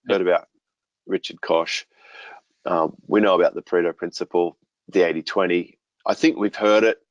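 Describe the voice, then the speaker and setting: A man with a very low, deep voice talks easily in a podcast interview, explaining his ideas through everyday stories and comparisons. His voice sounds close and dry, with no room echo around it. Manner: relaxed, storytelling with homely analogies. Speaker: business coach guest.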